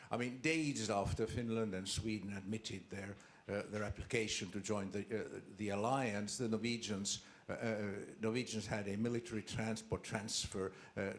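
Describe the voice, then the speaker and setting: Older man, low voice, hesitant floor comment full of fillers. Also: slight background noise. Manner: hesitant, many fillers and restarts. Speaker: former ambassador commenting from the floor.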